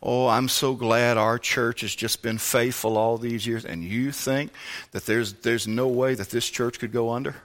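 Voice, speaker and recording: A man preaching a sermon as pastor, who moves from low, measured talk to shouted preaching. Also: steady tone. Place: church.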